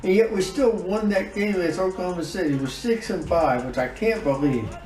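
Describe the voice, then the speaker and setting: Gaming commentator, male, slightly high voice, talks through his season with big groans and exclamations; recorded away from the mic in an echoey room. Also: moderate pace, a little mellow, far from the mic, soft background music. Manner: emotive, groans and exclaims over results. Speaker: gaming YouTuber. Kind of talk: casual gameplay commentary.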